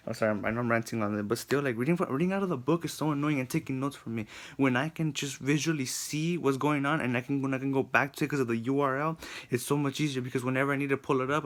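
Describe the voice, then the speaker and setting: A young male student talking straight to the camera in an informal video response. His voice sits at an ordinary middle pitch, and he rants in a frustrated, animated way, piling up "like" and restarting his sentences. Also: fast talker. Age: young adult. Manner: animated, frustrated ranting with lots of "like". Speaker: psychology student. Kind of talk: casual ranting video response.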